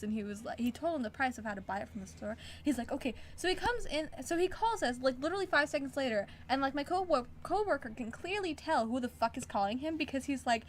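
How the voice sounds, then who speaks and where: A young woman who works in retail, telling an animated, ranting story in casual chat. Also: high voice, a little fast, a little hiss or hum. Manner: animated ranting storyteller, quotes people in character. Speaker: retail worker.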